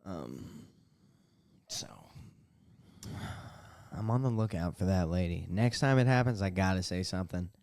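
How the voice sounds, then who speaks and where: Deep-voiced young man rambling profanely. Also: animated, unhurried, pauses often, darkish tone. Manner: rambling, profane, self-mocking. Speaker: podcast host. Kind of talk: casual solo podcast storytelling. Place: bathtub at home.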